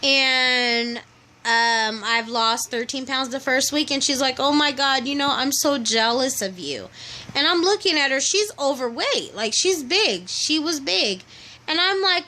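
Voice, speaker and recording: Young woman, vlogger, high voice, bright tone, casual chat, animated storytelling. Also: unhurried. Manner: chatty, animated storytelling, acts out quoted people.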